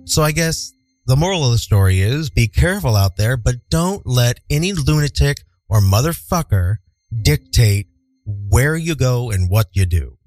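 A man hosting a radio show, telling a personal story in a candid, profane, animated way. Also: medium pitch, normal speed, dry recording. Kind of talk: storytelling monologue. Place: radio studio.

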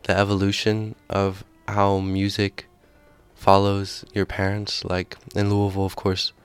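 A man's voice: low-pitched, monotone, measured pace, clear, resonant tone, no echo, soft background music. A man hosting a casual radio interview, earnest and agreeable, with rambling questions. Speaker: radio host.

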